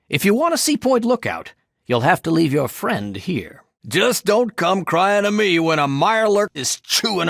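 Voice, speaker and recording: A man voicing a wry, teasing ferry captain in a video game who pitches trips with salesman's patter and barks orders in battle. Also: gravelly, no echo, heavily acted. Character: gruff male ferryman, wry salesman and fighter. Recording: dry close studio recording.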